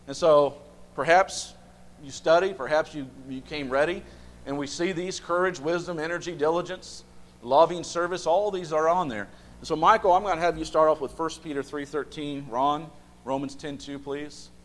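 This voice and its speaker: A man leads a Bible study with a voice pitched a little high. He keeps firing questions at the group and repeats key phrases to drive them home. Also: steady tone, moderate pace, a little hiss or hum. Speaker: Bible class teacher.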